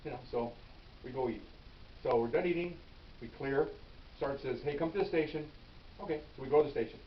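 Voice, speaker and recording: Speaking at a medium pitch, an older man who used to be a cop swaps a quick, conversational story about working patrol. Each quoted line gets acted out, and he sprinkles "okay?" throughout. There's a faint hiss over audio that feels far off, roomy, muffled, and slightly lo-fi.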